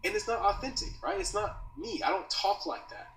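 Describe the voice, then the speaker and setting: A man's voice: very high-pitched, sing-song, fairly quick, gravelly, fairly bright tone. A man teaching a copywriting course in a loose, slangy casual talk, calling listeners dude and bro. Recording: roomy echo, mic at a distance, faint noise.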